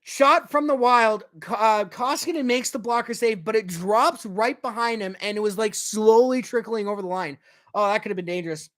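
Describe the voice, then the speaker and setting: A man giving casual fan commentary on a hockey game, ranting and cursing, swinging from shouts to low muttering. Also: normal speed, no echo, studio quality. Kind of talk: fan watch-along commentary. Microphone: personal mic.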